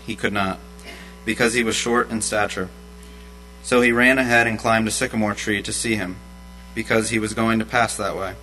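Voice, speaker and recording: A man reading a Bible passage aloud in a steady, measured way to a church congregation. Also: on the low side, low-quality recording. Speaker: scripture reader. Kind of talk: scripture reading. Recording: faint mains hum.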